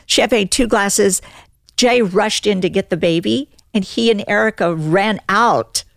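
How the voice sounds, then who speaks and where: An older woman, a guest, telling a personal story in a lively, casual way and acting out what people said. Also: mid-range voice, unhurried, creaky, dry recording, studio quality. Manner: animated, acts out quoted lines in the story.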